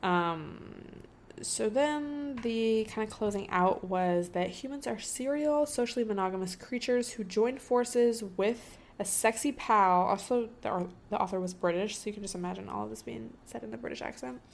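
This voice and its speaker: A woman's voice: a little high, normal speed, creaky. Rambling young woman podcaster. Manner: rambling, filler-heavy, thinking aloud. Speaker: podcast host. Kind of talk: casual solo podcast commentary.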